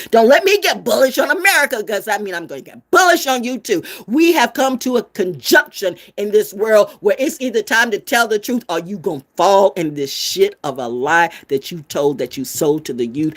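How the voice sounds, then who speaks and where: A woman delivering a fiery, profane, sermon-style rant, preachy and full of rhetorical questions. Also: low-pitched. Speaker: spiritual vlogger. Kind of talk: ranting sermon-style monologue.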